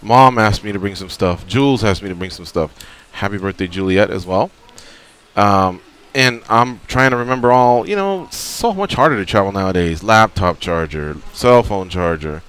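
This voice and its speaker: A man who is a regular on a radio talk show, telling stories in a lively way and acting out the scenes. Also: on the low side, moderate pace, hardly any pauses, clear, resonant tone. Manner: animated storyteller acting out scenes. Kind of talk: casual radio chat.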